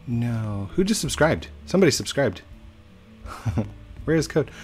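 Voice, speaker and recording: A man's voice: mid-range voice, very animated, takes it slowly, darkish tone, soft background music. A young man chatting playfully while playing a building game, laughing often and talking to his viewers. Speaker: gaming YouTuber. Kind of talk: casual gameplay commentary.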